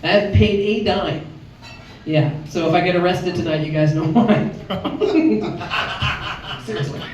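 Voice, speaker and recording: A Chicago woman in her fifties does a brash stand-up set on a comedy club stage, speaking slowly in a slightly mellow voice. She acts out voices with big pitch jumps, and the lo-fi, echoey recording, made from far off with faint noise, catches the audience laughing.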